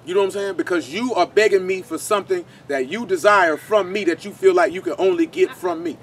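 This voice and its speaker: Fast, high-voiced blunt male Bible teacher. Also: expressive, vocal fry, a little hiss or hum. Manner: blunt, slangy, fires rhetorical questions. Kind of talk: informal scripture teaching.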